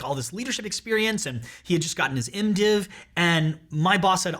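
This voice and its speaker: A man's voice: a little high, pushed and bright. A man in his forties, a worship pastor hosting his podcast, telling his own story in a candid, rambling way with fillers and restarts. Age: 40s. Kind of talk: casual personal storytelling.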